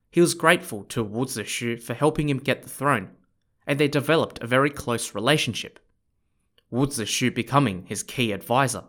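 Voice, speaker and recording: A man's voice: medium pitch, a bit bright. A man telling an old history story in a casual, chatty way, with asides to his listeners. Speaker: podcast storyteller.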